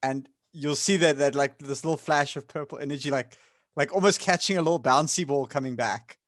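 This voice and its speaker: A man playing in a tabletop game who excitedly describes his character's actions and laughs. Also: on the high side, fairly quick, dry recording, clean studio sound. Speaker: player.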